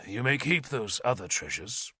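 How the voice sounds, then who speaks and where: A man voicing a stern, commanding male warlord who speaks in a quiet, measured, menacing way, in an audiobook. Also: medium pitch, very animated, slightly rough, no room sound, clean studio sound, full character voice. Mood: cold. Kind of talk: audiobook character voice.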